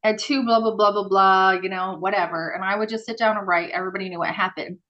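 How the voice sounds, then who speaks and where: A woman guest on a podcast, telling stories in a casual, animated way with many fillers and acted-out dialogue. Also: medium pitch, quick pace, lo-fi sound. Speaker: podcast guest, former group home worker. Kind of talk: casual interview storytelling.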